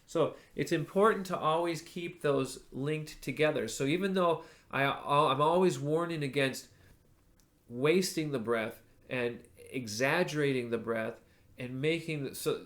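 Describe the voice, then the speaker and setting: A man's voice: on the high side, fairly bright tone. A male voice teacher, stuffed up from allergies, explaining technique and breaking off to demonstrate vocal sounds. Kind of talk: spoken voice lesson with sung demonstrations.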